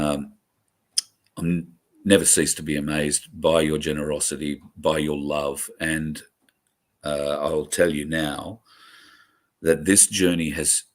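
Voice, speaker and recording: A man with a very low, deep voice thanks his audience. He speaks sincerely and emotionally. He stumbles through fillers and restarts as he goes. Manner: halting, many fillers and restarts. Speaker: host. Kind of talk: heartfelt sign-off to viewers.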